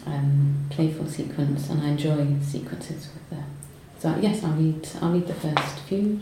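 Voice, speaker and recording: A woman poet talking in an interview, hesitant with many pauses and restarts, then reading her own poems aloud. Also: deep voice. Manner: hesitant, lots of ums and restarts when talking. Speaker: poet guest. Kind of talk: conversational interview and poetry reading. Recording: roomy echo, faint noise.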